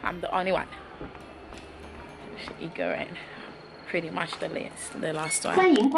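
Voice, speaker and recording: A woman vlogging outdoors on a rainforest hill, excitable and often exclaiming in fright and awe. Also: fairly low pitch, a little slow, creaky, noisy background. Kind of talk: casual travel vlog. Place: outdoors on a hillside rainforest trail. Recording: music playing over the voice.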